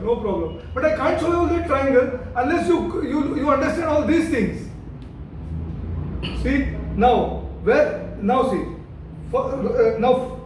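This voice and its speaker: A man teaching a Bible study, repeating himself and putting questions to his listeners. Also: very high-pitched. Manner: repetitive, questioning the listeners, emphatic. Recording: very echoey room, voice from a distance, light noise.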